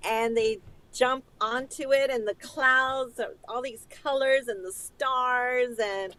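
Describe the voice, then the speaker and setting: A woman's voice: high-pitched, fairly even intonation, takes it slowly, bright, forceful tone. A woman co-hosting a casual live film review, gushing about favorite scenes and laughing often. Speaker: podcast co-host.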